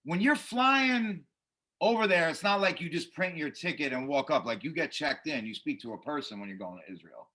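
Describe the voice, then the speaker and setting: Animated, profane male storyteller. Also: a little high, brisk. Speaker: podcast guest, comedian. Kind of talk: casual storytelling.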